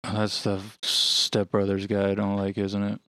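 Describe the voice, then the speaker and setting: Deadpan guy on a podcast, low and flat, dry mic. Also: unhurried, no echo. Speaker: podcast co-host. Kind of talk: casual chat.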